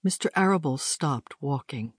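A woman narrating a children's story audiobook in a steady, measured way. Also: deep voice, slightly rough, no room sound, clean studio sound.

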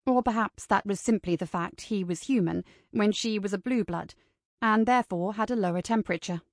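A woman reading an audiobook in a measured, expressive way. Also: medium pitch, no echo, clean studio sound. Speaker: audiobook narrator. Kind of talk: scripted audiobook narration.

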